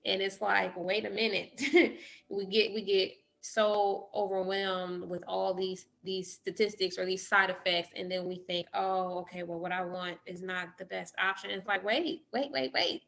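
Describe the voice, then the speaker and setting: A woman doula speaking in a thoughtful, measured way in a roundtable, quoting others as she goes. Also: medium pitch, completely flat delivery, vocal fry, a bit bright. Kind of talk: roundtable discussion.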